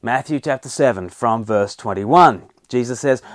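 A man preaching a sermon, rising in pitch and loudness to stress his key points. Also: normal speed, few pauses, dry recording, clean studio sound.

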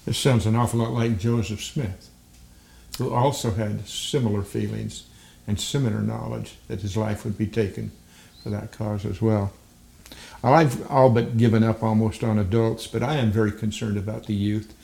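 A man hosting an interview, asking steady, plain questions. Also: on the low side, normal speed, creaky, roomy sound. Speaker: host. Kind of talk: interviewing a guest.

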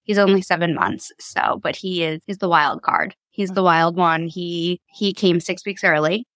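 A woman's voice: fairly low pitch, moderate pace, a bit bright, no room sound. A woman in her thirties from Long Island, New York, a podcast guest telling her family story in a candid, chatty way and laughing easily. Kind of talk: casual storytelling.

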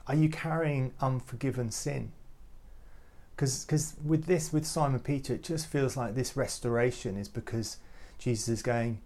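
A man giving an earnest, reflective devotional talk to youth leaders, often halting and repeating words as he goes. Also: mid-range voice, a little mellow. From United Kingdom. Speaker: youth ministry speaker.

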